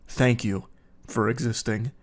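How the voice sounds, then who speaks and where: A man voicing a creepy, fawning male texter in a slow, pompous, drawn-out reading. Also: mid-range voice, steady tone, natural voice. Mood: leering.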